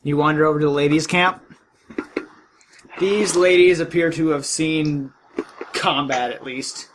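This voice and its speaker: A man runs a tabletop game as game master, his voice sitting a little high. He narrates in a relaxed, joking way, and a faint hiss runs under the recording. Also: unhurried.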